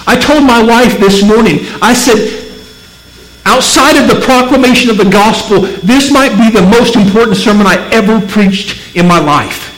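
A pastor from Missouri preaching a sermon to his church, emphatic, swinging between loud peaks and low, slow passages. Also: roomy sound, poor audio. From Missouri, USA. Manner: emphatic, rising to near-shouted peaks, then dropping low and slow.

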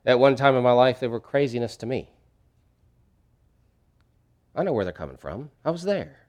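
A middle-aged man preaching a sermon in a conversational way, swinging between loud emphatic lines and quiet ones. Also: medium pitch, big pitch swings, normal speed. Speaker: pastor.

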